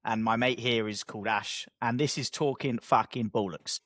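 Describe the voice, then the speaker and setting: A man co-hosting a casual podcast, jokey and quick to laugh. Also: medium pitch, steady tone, a bit bright, no room sound. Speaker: podcast co-host.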